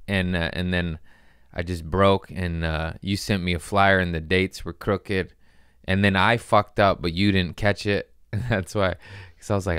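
Guy rambling on his podcast, swears a lot, laughs at himself, kinda low voice, dead dry sound. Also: fairly bright tone, clean tone, dry recording. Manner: rambling, profane, self-mocking, laughs often. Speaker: podcast host. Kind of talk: casual chat.

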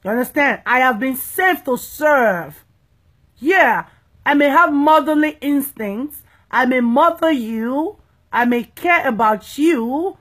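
Woman evangelist, high voice, emphatic and playful preaching. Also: lively intonation, takes it slowly, a bit bright. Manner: emphatic, playful, repeats "you understand?". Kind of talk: preaching talk.

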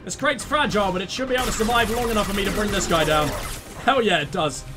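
A man commentating his own gameplay, excitable, swearing freely and giving orders to his teammates. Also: high-pitched, fast talker, music in the background. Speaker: let's play host.

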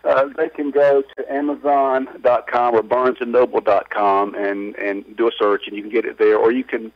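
A man telling his story as a guest in a radio interview, earnest and halting with many restarts. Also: on the low side, dry recording. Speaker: author and guest. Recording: muffled radio audio.

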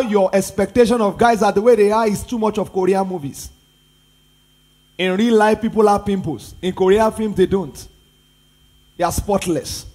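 A man's voice: high voice, husky. A Nigerian pastor, a man, preaching a sermon with emphatic repetition and rhetorical questions.

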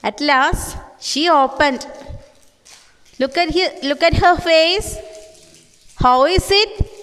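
Very high-voiced, slow-speaking woman teacher. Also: fairly bright tone. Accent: Indian English. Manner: slow, simple sentences, repeats questions to the children. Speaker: kindergarten teacher. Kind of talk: online class for young children. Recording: reverberant room.

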